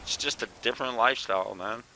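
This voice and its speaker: A man's voice: medium pitch, quick pace, sharp tone, a little hiss or hum, poor audio. A man hosting a casual gaming chat, swearing freely and calling everyone bro. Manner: profane, laid-back, calls everyone bro. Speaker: channel host, former soldier.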